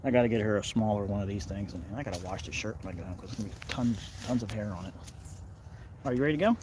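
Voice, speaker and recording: A man vlogging outdoors by the water on a cold day, chatting in a relaxed, rambling way and talking to his dog. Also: fairly low pitch, rapid-fire. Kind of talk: casual outdoor vlog chat. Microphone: handheld phone camera. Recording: outdoor phone recording with background noise.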